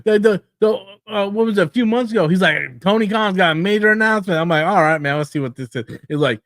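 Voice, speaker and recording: A man's voice: high-pitched, fast talker, fairly bright tone, no echo. Blunt, profane man on a dry close mic. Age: older than co-host, calls himself old school. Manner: blunt, swears freely, mocks in put-on quotes. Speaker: podcast co-host. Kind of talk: casual wrestling chat.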